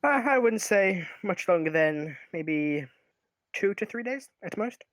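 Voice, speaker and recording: A man's voice: high-pitched, lively intonation, a little slow, a bit bright, dry recording, pitched above the performer's own voice. Man putting on a polite halfling jeweler. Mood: courteous. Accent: a shaky attempt at German. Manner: courteous, eager to serve.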